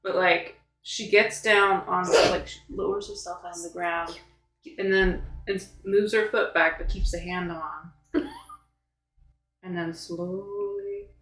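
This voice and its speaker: A woman playing a tabletop game, haltingly describing her character's actions. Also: on the low side, fairly even intonation, fairly bright tone, echoey room, poor audio. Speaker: player.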